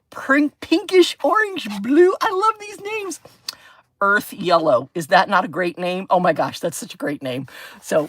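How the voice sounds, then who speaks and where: A woman's voice: mid-range voice, background noise. A woman hosting a craft livestream, chatting casually and gushing with delight over her supplies. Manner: bubbly, gushing, squeals of delight. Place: craft table at home.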